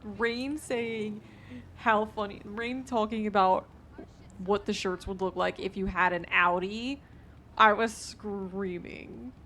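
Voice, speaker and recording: Tired young woman streamer, slow gravelly drawl, swears freely, laughs easily, soft background hum. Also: mid-range voice, steady tone. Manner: laid-back, profane, laughs easily. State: sleepy and worn out. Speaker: livestreamer playing a roleplay game. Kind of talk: casual stream chatter.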